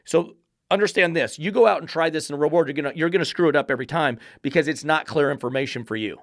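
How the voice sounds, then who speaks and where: Speaking quickly, the male host of a dog-training podcast is brash and argumentative, swearing freely and slipping into a sneering falsetto baby voice. It's a dry, studio-quality recording.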